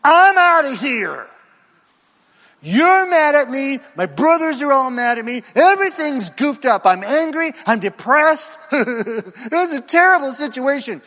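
A man's voice: very high voice, very animated, unhurried, bright, forceful tone, voice pushed up, exaggerated voice. A man voicing Cain as a self-pitying, indignant man who blames God, with a raised, strained and complaining delivery. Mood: indignant whining. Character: whiny indignant male Cain blaming God. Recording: long reverb in a large hall.

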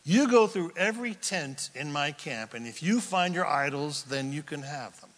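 A man's voice: a little high, expressive, moderate pace, a bit bright, long reverb tail. A man voicing an indignant, falsely accused man in a sermon retelling, defensive and exasperated. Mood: curt.

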